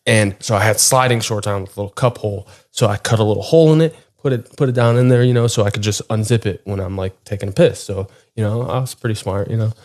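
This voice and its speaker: Laid-back young man, lowish voice. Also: quick pace, few pauses, a little mellow. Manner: laid-back storytelling with frequent likes. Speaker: podcast co-host. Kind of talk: casual chat.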